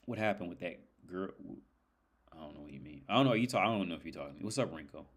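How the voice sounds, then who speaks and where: This livestream host talks rapid-fire in a low-pitched voice with lively intonation and a breathy edge. In casual chat, he tells a rambling story full of profanity and fillers.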